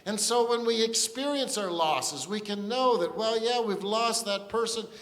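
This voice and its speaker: A man preaches a sermon as pastor in a church sanctuary, earnest and conversational, with asides and restarts. His voice is high and a bit bright at normal speed, and the recording carries long church reverb.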